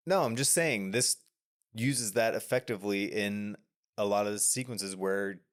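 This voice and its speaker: A man with a voice on the low side talks at a moderate pace as a podcast co-host in a casual film discussion. He takes the movie scene by scene, rambling through long explanations full of restarts and fillers.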